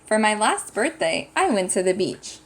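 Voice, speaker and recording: A woman's voice: medium pitch, sing-song, normal speed. A woman teaching a writing lesson to young children, patiently thinking aloud and sounding out words. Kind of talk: slow, clear classroom lesson for young children.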